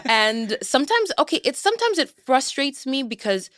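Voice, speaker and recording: An actress from Kenya with a mixed Kenyan and American accent, talking thoughtfully and candidly as a podcast guest. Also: female voice, high voice, very animated, normal speed, a bit bright, no room sound, clean studio sound. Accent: mix of Kenyan and American. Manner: thoughtful and candid, laughs often. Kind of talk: podcast conversation.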